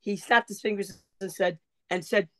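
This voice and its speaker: A woman's voice: mid-range voice, fairly even intonation, moderate pace, dry recording. A woman casually recalling a childhood family memory, with many fillers and restarts. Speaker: relative sharing memories. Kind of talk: casual reminiscing chat.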